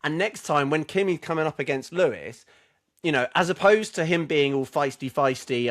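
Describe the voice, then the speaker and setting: A man's voice: mid-range voice, animated, a little fast, fairly bright tone. Thoughtful man laying out theories. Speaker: podcast co-host. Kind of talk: casual F1 podcast chat.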